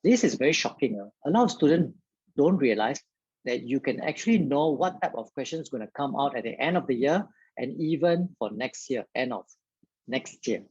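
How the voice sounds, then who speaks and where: A man's voice: mid-range voice, lively intonation, normal speed, a little mellow, breathy edge, dry recording, lo-fi sound. A man tutoring biology in a live online lesson, talking straight to his viewers and filling his speech with "okay".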